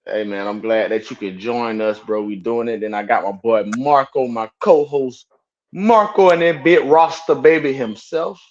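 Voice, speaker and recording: Male host, relaxed and repetitive, average pitch, dull lo-fi stream sound. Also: normal speed. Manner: laid-back, repeats phrases, lots of fillers. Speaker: podcast host. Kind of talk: casual live-stream chat.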